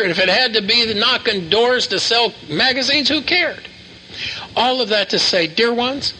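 An older man gives a sermon with a bright, ringing tone and a fairly high voice. He talks in a folksy, anecdotal way, circling back and repeating himself, and a faint hum of room ambience sits under his voice. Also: low-quality recording. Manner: folksy storytelling with asides and repeated phrases. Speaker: pastor.

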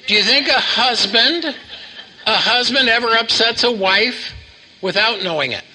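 A man delivers a sermon to a congregation in a room, his voice pitched high with a husky edge and a very bright, forward tone. He pulls the listeners in with questions and has them repeat short lines back to him. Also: unhurried, faint music behind, poor audio. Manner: preaches with call-and-response, asking the congregation to repeat. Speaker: preacher.

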